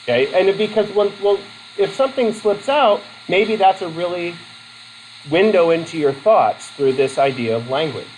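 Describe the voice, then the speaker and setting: A man from Vermont lectures a classroom and calls on students by name. His pitch swings widely as he talks, and his delivery is chatty and self-deprecating, full of fillers and restarts. A faint hiss sits under the recording. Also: expressive, normal speed, darkish tone, rough recording. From Vermont, USA. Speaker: college instructor.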